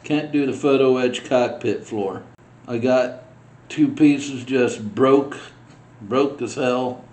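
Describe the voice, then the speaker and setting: A man's voice: medium pitch, takes it slowly, a little mellow, echoey room. A man building a scale model on a casual vlog, muttering to himself in frustration as he works.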